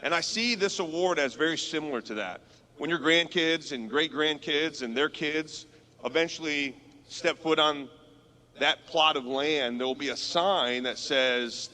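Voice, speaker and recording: A man, a public official, giving an earnest, heartfelt ceremonial speech with slow, emphatic phrasing. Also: fairly high pitch, sharp tone.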